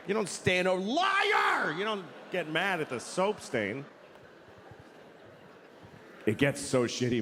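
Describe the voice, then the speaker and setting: Blunt profane stand-up comic in a hall. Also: male voice, fairly high pitch, a little hiss or hum. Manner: swinging into mocking voices for the people he quotes. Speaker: stand-up comedian. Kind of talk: stand-up comedy routine. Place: large hall with an audience.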